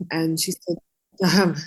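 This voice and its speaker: A woman's voice: low-pitched, slow, slightly rough. An Australian woman in her fifties, a singer-songwriter guest telling stories in conversation and acting out the people she quotes. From southwest Western Australia. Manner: animated storyteller who acts out the people she quotes. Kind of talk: conversational storytelling.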